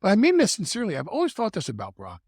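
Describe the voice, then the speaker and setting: A man talking as a guest in a podcast conversation, animated and repeating words as he restarts his thoughts. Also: high-pitched, racing, slightly rough, no room sound, clean studio sound. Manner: animated, stumbling restarts, stretches words for emphasis. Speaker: wrestling manager guest.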